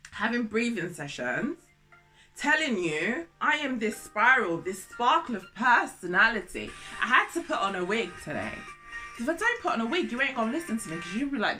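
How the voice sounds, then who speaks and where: Bright lively woman in her 30s vlogging, all over the place, laughs a lot, faint music behind. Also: on the high side, normal speed. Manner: excitable, jumps between topics, laughs often. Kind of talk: casual vlog to camera.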